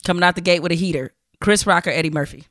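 A woman podcast host running a playful, teasing quick-fire game with her guest. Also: on the low side, fairly bright tone, dry recording. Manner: playful, teasing, laughs easily. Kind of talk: casual interview chat.

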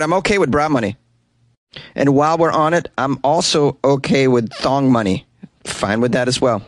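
A man's voice: mid-range voice, no room sound. An American man hosting comedic news commentary in a joking, irreverent way, with chuckling asides. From United States. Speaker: comedy podcast host.

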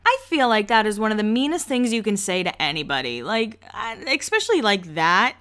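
A woman's voice: mid-range voice, big pitch swings, fairly bright tone. A woman hosting a podcast, chatting casually and gossiping about reality TV. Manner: chatty, gossipy, quick asides. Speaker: podcast host. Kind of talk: casual pop-culture recap.

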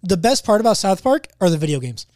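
High-voiced young man, lively and blunt. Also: fast talker, no echo, studio quality. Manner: opinionated, blunt, swears casually. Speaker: podcast co-host. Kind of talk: casual chat.

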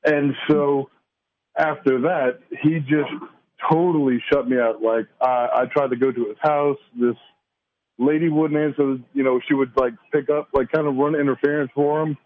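A man from New Orleans calling in to a radio show, telling his story in a hesitant, halting way. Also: mid-range voice, steady tone. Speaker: caller. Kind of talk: phone call. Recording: tinny phone line.

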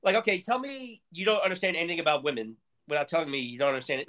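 Guy ranting on a podcast, cussing nonstop, heated, slightly higher voice. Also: racing, few pauses, fairly bright tone, slight background noise. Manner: angry, heated, profanity-laced ranting. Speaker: podcast co-host. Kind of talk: casual profane rant.

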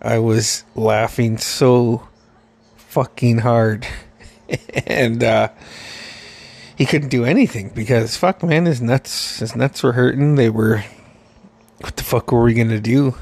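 A male podcast host with a gravelly, fry-laden voice at an ordinary pitch. He tells his stories in a loose, rambling way, full of swearing and laughter. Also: steady tone, slow pace, pauses often, a little mellow. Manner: profane, rambling, laughing often. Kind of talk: casual storytelling.

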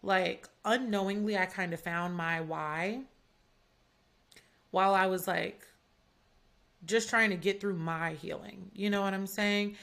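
Woman podcast host, young adult, casual monologue, gravelly fry, filler-heavy chatter. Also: medium pitch, steady tone, a little slow, pauses often, fairly bright tone. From Atlanta, USA. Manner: chatty, candid, heavy use of "like".

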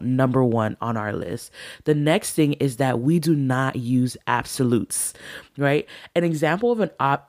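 A woman's voice: extremely low pitch, darkish tone, no echo, studio quality. A woman teaching a class on marriage, earnest and encouraging, speaking straight to her listeners.

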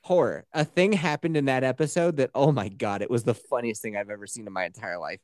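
A man hosting a casual podcast, telling stories in a profane, animated way and breaking into laughter. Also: mid-range voice, fast, no room sound, clean studio sound. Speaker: podcast host.

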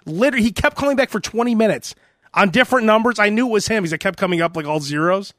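Animated high-voiced man telling stories. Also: quick pace, no echo, studio quality. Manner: animated storyteller acting out phone calls. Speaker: podcast host. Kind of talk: casual chat.

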